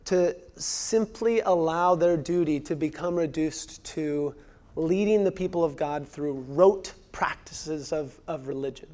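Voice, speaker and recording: A man in his thirties, a pastor delivering a sermon, earnest and repeating key phrases for emphasis, sometimes dropping to a hushed near-whisper. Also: a little high, a little slow.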